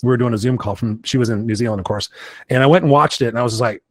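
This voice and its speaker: A man in his fifties telling his life story as a guest in an interview, animated, acting out other people's lines and swearing casually. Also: medium pitch, dry recording. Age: 50s. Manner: fast, animated storytelling, acts out voices of others.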